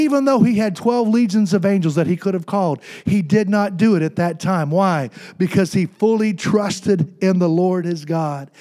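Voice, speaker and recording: A man's voice: extremely high pitch, a little mellow. A man preaching a sermon, reading scripture and tossing call-and-response asides to the congregation, with the occasional joke. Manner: jokes with congregation. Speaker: pastor.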